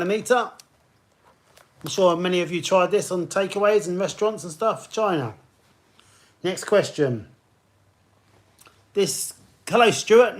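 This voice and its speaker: Man, quiz host, higher voice, chatty, greets players. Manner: chatty, greets players by name between questions. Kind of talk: live-streamed pub quiz hosting.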